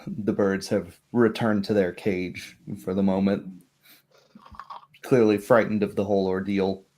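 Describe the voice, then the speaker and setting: A man narrating a tabletop game as game master, measured and descriptive. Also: deep voice, flat delivery, mellow.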